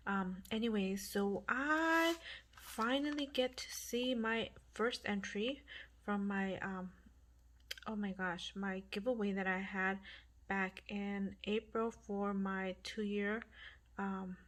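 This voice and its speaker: A woman hosting a home crafting channel, speaking in a hushed half-whisper and gushing with lots of fillers. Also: mid-range voice, slow. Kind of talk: casual crafting vlog. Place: home at night.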